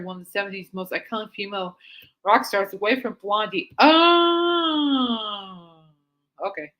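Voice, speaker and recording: A woman's voice: medium pitch, a bit bright. A woman hosting a casual podcast, reading music articles aloud and adding amused, giggly comments, snorting when she laughs. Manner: reads aloud then comments with amused asides. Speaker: podcast host.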